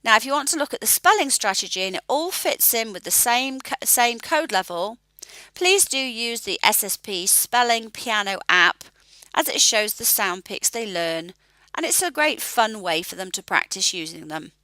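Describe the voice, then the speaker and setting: A woman, a literacy educator calmly explaining a reading assessment in a clear, measured voice-over. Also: on the high side, no room sound, rough recording.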